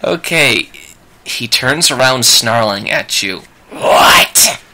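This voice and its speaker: Male game master, bright and cutting tone, excitable, laughs a lot. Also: mid-range voice, unhurried. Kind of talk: narrating a tabletop game.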